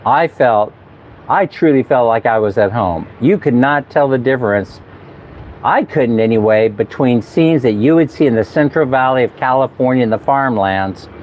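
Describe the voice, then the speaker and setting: A man's voice: medium pitch, expressive, moderate pace. A chatty man telling stories for his travel vlog, chuckling as he goes. He sounds like he is outdoors, with faint traffic behind him. The sound is a little dull. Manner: chatty, laughs often, mimics people for fun. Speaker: travel vlogger. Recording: slightly dull outdoor recording.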